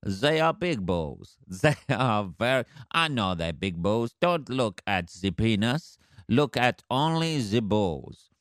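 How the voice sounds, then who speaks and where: A man's voice: on the low side, very animated, no room sound, studio quality. A man putting on a smug French-accented bulldog. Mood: smug boasting. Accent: put-on French. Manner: slow, boastful drawl. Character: smug male French bulldog, proud and boastful.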